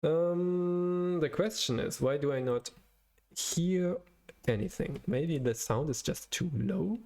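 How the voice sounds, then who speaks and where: A young adult man live-coding on a stream, talking his way through the code in a hesitant, self-correcting way, pausing to search for words. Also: a little high, mellow. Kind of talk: thinking aloud while programming on a livestream.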